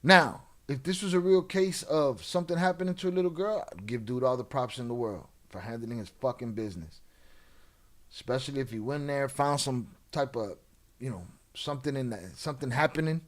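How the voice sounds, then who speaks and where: A man's voice: mid-range voice, brisk. A man hosting a live show, giving casual, profane commentary in street slang on crime videos. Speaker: host.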